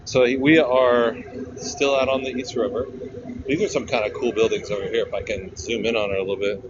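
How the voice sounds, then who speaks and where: A man's voice: medium pitch, steady tone, a little fast, dull audio. Laid-back man on a noisy ferry. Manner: laid-back, chatty, jokey. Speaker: vlogger. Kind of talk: casual livestream tour narration. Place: outdoor deck of a river ferry.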